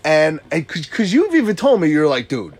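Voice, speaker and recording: A man's voice: a little high, huge pitch swings, moderate pace, slightly rough. Rambling, profane man telling a story. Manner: profane, rambling with many restarts. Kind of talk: casual chat.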